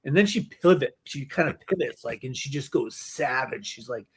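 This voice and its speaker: A man's voice: medium pitch, animated, moderate pace, breathy edge. A man hosting a podcast in casual chat, telling a joking story with many restarts. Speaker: podcast host.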